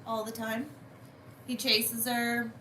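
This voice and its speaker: A woman's voice: fairly high pitch, flat delivery, pushed and bright, echoey room, a little hiss or hum. A woman vlogging casually from home on a phone camera, chatty and a little foul-mouthed. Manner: chatty, swearing, drawn-out complaining. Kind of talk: casual vlog chat. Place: at home indoors.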